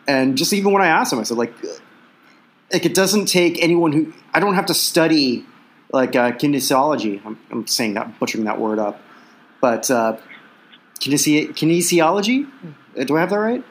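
A man's voice: medium pitch, lively intonation, brisk. A Canadian man hosting a casual sports talk show, chatty and full of questions and fillers. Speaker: sports podcast host.

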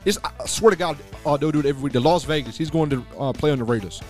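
A man's voice: on the high side, very fast, darkish tone, faint music behind. A man hosting a sports talk radio show, blunt and opinionated, leaning on filler phrases as he rants.

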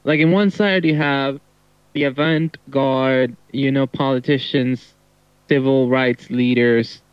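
A man co-hosting a casual podcast, talking haltingly with many pauses and restarts. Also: mid-range voice, steady tone, smooth, dry recording. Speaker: podcast co-host. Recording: dry muffled lo-fi sound.

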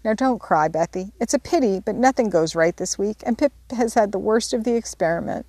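A woman reading aloud, voicing an impulsive, quick-tempered teenage girl who talks briskly and huffily. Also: medium pitch, expressive, mellow, no echo, lightly acted. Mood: consoling. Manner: brisk and huffy.

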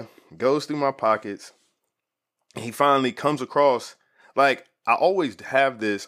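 A man's voice: medium pitch, fairly bright tone. A man in his thirties telling a story in casual, slangy talk full of "like" fillers. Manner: laid-back, slangy, lots of "like" fillers.

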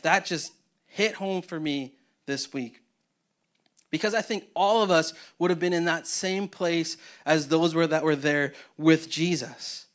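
A man, a pastor, preaching a conversational sermon to his church with energetic, casual delivery and frequent restarts. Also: on the high side, unhurried.

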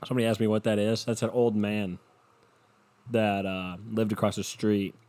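A young man with a lowish, darkish voice speaks at a moderate pace in a level tone. He hosts a solo podcast from home, rambling crudely and mocking himself with plenty of swearing. He records into a cheap desk mic while wearing headphones.

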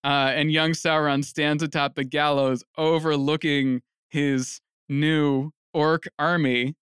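Young man spinning a comedy movie pitch, higher voice, smooth and dry, acts out bits. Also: takes it slowly, dry recording. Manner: animated storytelling, acts out quotes. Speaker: podcast co-host.

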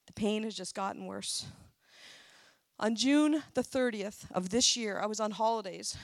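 A woman's voice: mid-range voice, a little slow, creaky, dry recording. A middle-aged woman sharing a personal testimony at church, earnest and emotional. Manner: earnest, emotional, tearful at times. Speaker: church speaker.

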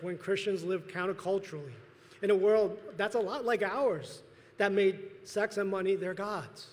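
A man preaching a sermon as pastor, earnest, pausing and restarting as he speaks, in a church sanctuary. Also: high-pitched. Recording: long hall reverb.

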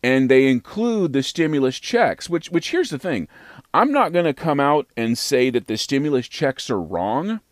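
Animated, emphatic male podcast host. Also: medium pitch, moderate pace, dry recording, studio quality. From United States. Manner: emphatic, rhetorical, repeats phrases for effect. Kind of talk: opinionated podcast monologue.

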